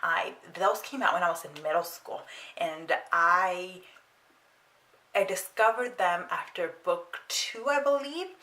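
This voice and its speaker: A woman's voice: lowish voice, a little slow, pushed and bright. A young woman chatting casually as a book vlogger, with frequent ums and restarts. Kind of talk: casual chat. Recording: roomy sound with faint noise.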